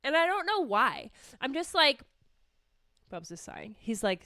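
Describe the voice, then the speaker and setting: A woman's voice: on the high side, sing-song, normal speed, a bit bright, dry recording, studio quality. Chatty, candid woman podcast host. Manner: candid, chatty, swears freely, self-mocking. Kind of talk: casual solo podcast chat.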